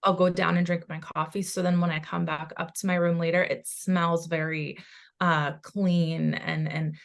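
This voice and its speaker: Low-voiced animated woman medium. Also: vocal fry. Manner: animated, rambling, quick asides with laughs. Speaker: psychic medium. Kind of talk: casual chat.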